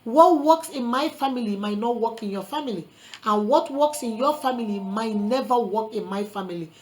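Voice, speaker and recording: A woman's voice: fairly high pitch, expressive, moderate pace, a little hiss or hum, rough recording. A woman vlogger giving earnest relationship advice in a preachy motivational talk, quoting scripture and calling listeners sister and brother. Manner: quotes scripture.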